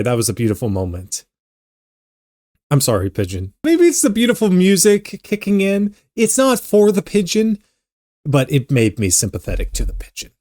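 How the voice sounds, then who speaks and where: Young male reaction host, slightly high, very lively delivery, faint music behind. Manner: animated, exclaiming and stammering. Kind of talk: casual reaction commentary.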